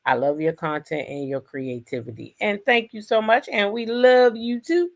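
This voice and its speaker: A woman hosting a casual livestream, reacting to clips and thanking viewers in an animated, exclamatory way. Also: mid-range voice, moderate pace. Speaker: host.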